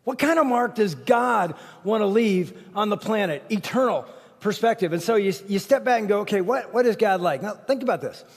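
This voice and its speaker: A middle-aged pastor preaching with a high, bright voice for a man, trading jokes and playful competitive jabs with the congregation. His words carry a long tail of reverb from the large church auditorium. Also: normal speed. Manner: animated, joking, competitive banter with the crowd. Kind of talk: sermon with personal storytelling.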